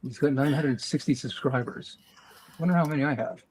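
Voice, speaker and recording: A man's voice: medium pitch, a little fast, darkish tone, slightly rough, poor audio. A man who is a fellow artist, teasing his friend with dry humor in casual chat on a stream.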